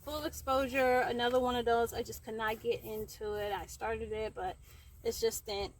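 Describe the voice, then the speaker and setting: A young book vlogger films herself outdoors in the heat, chatting in a rambling way with fillers and sounding somewhat out of breath. Her fairly high voice stays fairly even at normal speed, and the rough recording has slight background noise.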